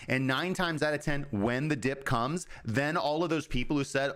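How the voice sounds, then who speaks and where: A man hosting a casual crypto livestream, speaking at a mid-range pitch. He explains at length in an informal, talky way. Now and then he slips into quick imitations of traders' thoughts. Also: animated, fairly bright tone. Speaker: crypto market analyst, host. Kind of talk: casual livestream market commentary.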